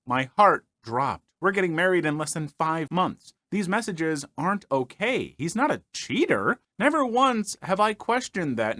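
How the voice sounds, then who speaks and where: A man's voice: fairly high pitch, fairly bright tone, dry recording, clean studio sound. A man hosting a podcast, reading online stories aloud and breaking off for playful, self-mocking asides.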